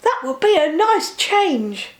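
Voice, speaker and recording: A woman's voice: extremely high pitch, sing-song, slow, roomy sound, voice pushed up, full character voice. A woman voicing an eager, polite young male tank engine, earnest and anxious to please.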